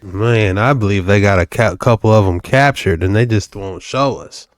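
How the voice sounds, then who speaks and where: A man's voice: lowish voice, moderate pace, no echo, studio quality. A man hosting a reaction video, tossing in amused, offhand remarks. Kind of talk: casual reaction commentary.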